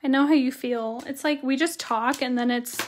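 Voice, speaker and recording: A woman with a hoarse voice teaching watercolor on a live stream, chatty and greeting viewers by name as she works. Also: high voice, steady tone, normal speed. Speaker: watercolor instructor. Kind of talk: live-stream craft tutorial.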